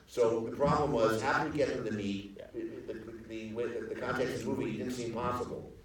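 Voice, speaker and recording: A man's voice: medium pitch, steady tone, a little fast, a loud crowd. An older male screenwriter telling rambling behind-the-scenes anecdotes at a live theater Q&A, full of restarts and fillers, acting out other people's lines. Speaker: screenwriter and producer guest on a panel. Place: theater stage in front of an audience. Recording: echoey theater hall, distant mic.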